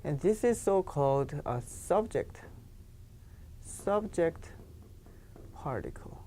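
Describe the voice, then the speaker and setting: Low-voiced teacher explaining grammar. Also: female voice, animated, slow, dark tone. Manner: explains patiently, with many "you know" fillers. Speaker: Korean language teacher. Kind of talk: classroom grammar lesson.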